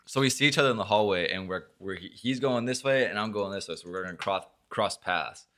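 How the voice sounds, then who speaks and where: A man's voice: lowish voice, fast, bright, forceful tone. A young man, a podcast host, telling a story in casual chat, rambling and swearing with lots of filler words. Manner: rambling, swears a lot, full of filler likes.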